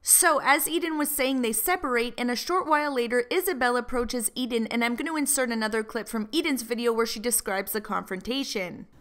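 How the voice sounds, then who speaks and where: A woman's voice: fairly high pitch, fairly quick, few pauses, fairly bright tone. A woman host narrating a scripted gossip recap as a voice-over. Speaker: commentary channel host.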